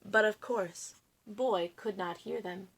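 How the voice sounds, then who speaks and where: A woman reading a picture book aloud to children, expressive and pausing to explain. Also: mid-range voice.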